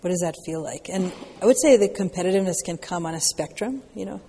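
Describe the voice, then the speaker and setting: Reflective woman meditation teacher, casual and unhurried in her phrasing, warm dark tone, recorded with long hall echo. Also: on the low side, expressive, breathy edge. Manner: reflective, loose, peppered with "you know" and "like". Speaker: dharma teacher answering questions. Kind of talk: casual dharma talk Q&A.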